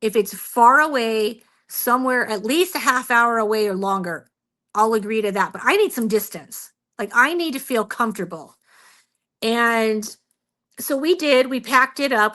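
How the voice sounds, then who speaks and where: Woman guest telling her scary story, bright tense voice, kinda high, lots of "like" and "um". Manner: earnest, shaken, many fillers and quoted self-talk. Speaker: guest, Bigfoot researcher. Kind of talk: telling a personal story in a radio interview.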